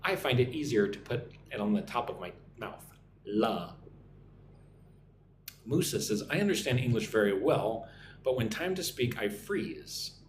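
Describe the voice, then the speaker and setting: A man's voice: mid-range voice, sing-song, roomy sound, slight background noise. American man teaching English live. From United States. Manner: explains words slowly, repeats with "right?". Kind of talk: live-stream English lesson.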